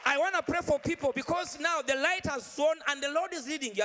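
High voiced guy preaching, pushes the crowd to repeat after him, big echoey church hall. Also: fairly quick, sharp tone. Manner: exhorting, repeats phrases, leads the crowd in chants. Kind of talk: live sermon with prophecy and call-and-response. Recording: long reverb of a large hall.

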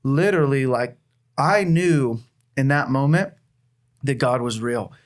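A man's voice: mid-range voice, a little slow. A man who is starting a new church tells his personal testimony in a conversation, speaking earnestly and often restarting his sentences. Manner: earnest, heartfelt storytelling with frequent restarts. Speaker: church planter.

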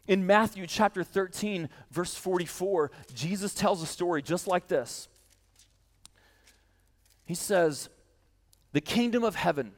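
A man preaching a sermon to a congregation, telling a story with lively energy and addressing his listeners directly. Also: fairly high pitch, in a large hall. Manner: animated storytelling, speaking straight to the congregation. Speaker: pastor. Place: church hall.

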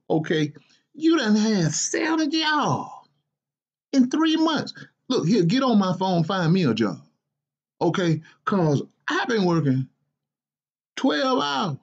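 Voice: mid-range voice, darkish tone, husky, dull audio, exaggerated voice. A performer playing a stern, hardworking father who scolds his grown son with sarcasm in a comedy skit. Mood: scolding. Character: stern middle-aged working father.

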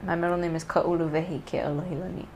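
A woman with a fairly low voice co-hosting a casual podcast. She teases her co-host and sounds playful and self-assured. A faint hiss of room noise runs underneath. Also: fairly even intonation, fast talker, darkish tone, rough recording. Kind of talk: casual chat.

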